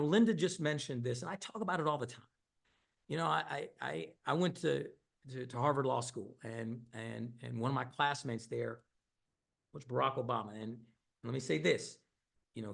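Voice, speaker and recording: A middle-aged man with a gravelly, creaky voice delivers an earnest campaign speech. His pitch sits in the ordinary middle range. He often repeats words as he builds momentum. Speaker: Senate candidate.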